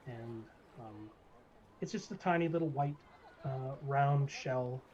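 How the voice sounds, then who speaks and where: A man narrating as game master of a tabletop game, halting and restarting as he goes. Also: medium pitch, a little mellow. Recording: slightly dull lo-fi mic, faint noise.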